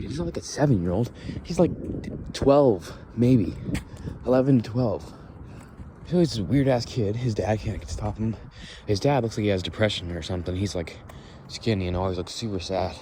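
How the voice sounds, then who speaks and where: A man's voice: lowish voice, background noise. A young man hosting a casual walk-and-talk podcast, rambling bluntly with swearing and frequent restarts, recorded outdoors at dusk. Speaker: podcast host.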